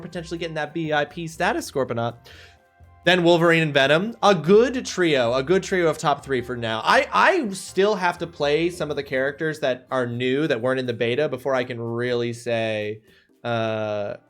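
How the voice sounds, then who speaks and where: A man's voice: on the high side, fairly bright tone. A man streaming a video game live, chatting upbeat with viewers and thanking them energetically. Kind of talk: casual live stream chat.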